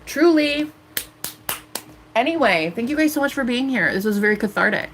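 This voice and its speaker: A woman's voice: fairly high pitch, expressive, normal speed, a bit bright, a little hiss or hum. A woman in her thirties ranting defiantly on a live stream as a tarot reader. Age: 30s.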